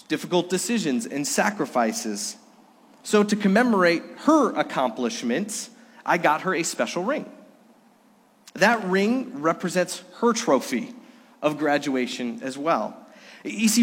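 A middle-aged man preaching a sermon as a pastor, earnest, dropping soft and low then lifting to emphatic highs. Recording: long hall reverb.

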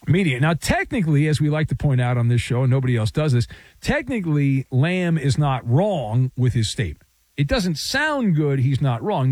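Lively, wisecracking male sports host. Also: medium pitch, no room sound. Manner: wisecracking, sarcastic, playful riffs. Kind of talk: sports talk monologue.

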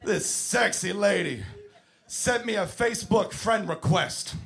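A man playing a brash, crude male club comic who shouts a sing-song catchphrase on stage. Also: high voice, animated, measured pace, creaky, heavily acted. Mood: shouting, crude. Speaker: stand-up comedian. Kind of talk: stand-up set.

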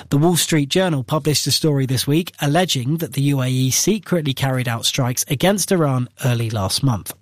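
A man reading a news bulletin in a measured, even way. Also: medium pitch, dry recording, studio quality. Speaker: newsreader.

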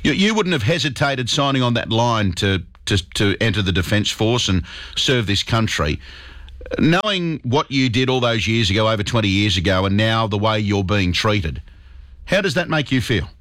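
A man's voice: on the low side, lively intonation, normal speed, a bit bright, no echo, studio quality. A man with an Australian accent hosting talkback radio, earnest and stumbling over repeated words. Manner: earnest, repeats words, calls people mate.

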